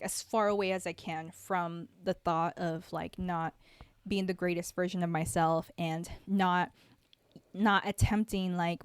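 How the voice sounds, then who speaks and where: A woman's voice: on the low side, smooth, no room sound, studio quality. A young woman hosting her own podcast, talking in a rambling, reflective way with lots of fillers and restarts. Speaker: podcast host. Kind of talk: casual solo podcast talk.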